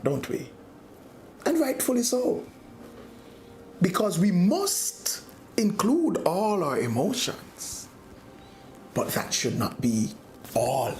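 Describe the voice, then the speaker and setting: A man preaching a sermon as a bishop, slow and deliberate, rising to emphatic points. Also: mid-range voice. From Jamaica.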